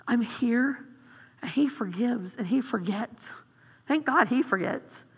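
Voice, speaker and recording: A woman guest pastor giving an emotional, animated sermon in a church sanctuary. Her voice is husky and gravelly, pitched a little high. A long reverb trails after her words through the hall. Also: measured pace.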